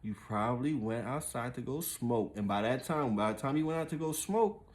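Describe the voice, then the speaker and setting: A man's voice: mid-range voice, expressive, normal speed, a little mellow, lightly acted. A man quoting an older woman coworker. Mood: explaining.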